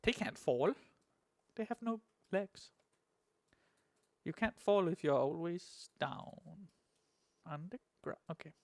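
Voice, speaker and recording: A man co-hosting a casual hobby podcast, excitable and jokey, swearing freely. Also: sits high, slow, vocal fry, long pauses, no room sound. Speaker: podcast co-host.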